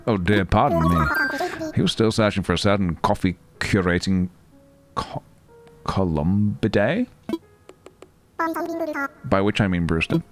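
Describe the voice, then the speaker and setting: A man voicing a fussy, polite old male owl curator, reading game lines in a low, formal, slow manner. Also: wildly swooping pitch, exaggerated voice. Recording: music playing behind.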